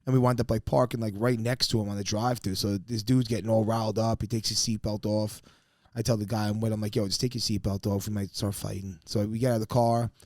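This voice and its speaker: A podcast co-host with a lowish male voice tells an animated story full of swearing, acting out the quotes as he goes. The recording is dry and studio quality.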